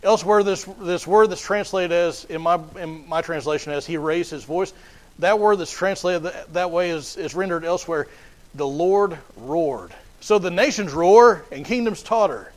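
A man's voice: sits high, normal speed, rough recording. A man preaching a sermon in an emphatic, repetitive way, often restarting his phrases.

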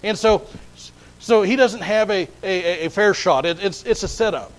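High-voiced man preaching a sermon. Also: moderate pace, poor audio. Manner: earnest, repeats words when restarting. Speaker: pastor.

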